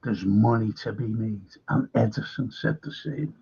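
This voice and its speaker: A man's voice: fairly low pitch, normal speed, warm tone, husky, muffled recording. A man hosting a film and TV review livestream, talking bluntly and swearing often as he rambles on, frustrated and in pain. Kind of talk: casual livestream chat.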